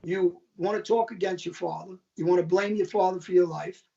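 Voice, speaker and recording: A man's voice: sits high, steady tone, brisk, creaky, mellow, highs cut off. A man in a played podcast clip, coarsely accusing someone. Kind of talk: casual chat.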